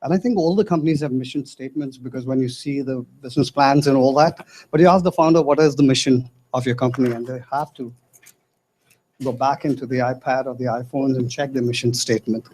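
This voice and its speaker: A man's voice: medium pitch, brisk, a little mellow. A man speaking up in a class, earnest and emphatic as he shares his experience. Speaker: guest speaking from the audience. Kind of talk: classroom comment.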